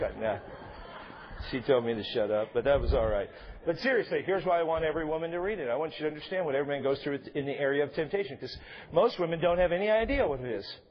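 Man, pastor, sermon, slightly high voice, conversational with jokes, dull lo-fi church recording. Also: animated, fast. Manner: conversational preaching with joking asides. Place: church sanctuary.

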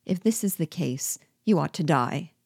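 A woman's voice: low voice, lively intonation, moderate pace, darkish tone, breathy edge, no echo, studio quality, full character voice. A woman doing a cold, commanding rebel general. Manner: cold and clipped, then impatient.

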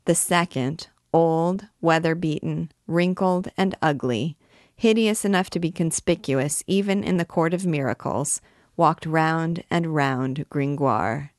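Low, slow-reading woman storyteller. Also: no echo, clean studio sound. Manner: measured, expressive storytelling. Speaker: reader and book guide. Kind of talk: reading a novel aloud.

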